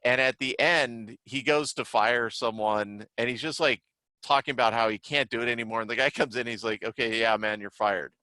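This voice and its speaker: A man lectures as a trainer in a loose, chatty way, scattering filler words as he explains. His voice is bright and forceful. The sound is dry, with no room echo. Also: mid-range voice, a little fast. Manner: conversational, many "like" fillers, lively retelling. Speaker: CERT trainer and psychiatrist. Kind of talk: casual online lecture.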